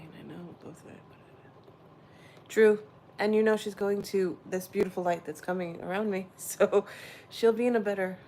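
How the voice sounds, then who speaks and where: A woman's voice: medium pitch, a little mellow, slight background noise. Chatty woman hosting a livestream. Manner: chatty, rambling, answers viewers' chat directly. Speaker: livestream host. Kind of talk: casual spiritual livestream chat.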